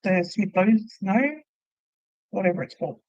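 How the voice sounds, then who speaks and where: A woman's voice: medium pitch, normal speed, darkish tone, dry recording, lo-fi sound. An Australian woman chatting casually with viewers on her crochet livestream, telling stories and laughing often. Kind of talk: casual live chat reading viewer comments.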